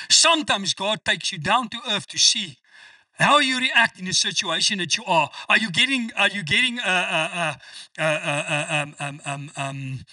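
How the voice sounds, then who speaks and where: A man preaching with a high, very lively voice that swoops up and down as he stresses his points. His tone is bright and sharp, and he sounds a little far from the mic in a dry space. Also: no room sound. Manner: emphatic preaching, quotes scripture with slow stressed delivery. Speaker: pastor. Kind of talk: sermon.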